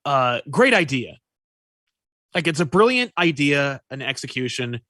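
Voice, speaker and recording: A man co-hosting a casual chat about comics, jokey and animated, often trailing off into asides. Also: mid-range voice, unhurried, no room sound, clean studio sound. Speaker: comics podcast co-host.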